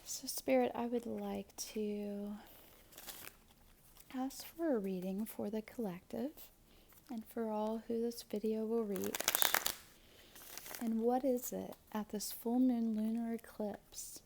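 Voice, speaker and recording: Soft-spoken woman with gravelly fry. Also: on the high side, steady tone, takes it slowly, very noisy. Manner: soft, often half-whispered delivery. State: slightly swollen mouth after dental work. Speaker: tarot reader and astrologer. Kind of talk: spiritual vlog with prayer and tarot reading.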